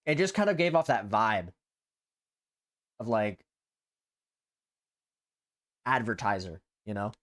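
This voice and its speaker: A man's voice: lowish voice, big pitch swings, slow pace, long pauses, fairly bright tone. A man streaming live as a VTuber, chatting casually, rambling and swearing freely.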